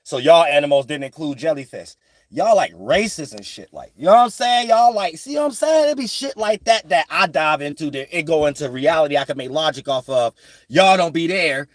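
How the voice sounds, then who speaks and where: Profane, rambling man with a higher voice. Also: sing-song, brisk, no room sound. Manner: profane, streetwise, keeps asking "you know what I'm saying"; repeats phrases in sing-song bursts. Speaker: spiritual vlogger. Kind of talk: rambling spiritual monologue.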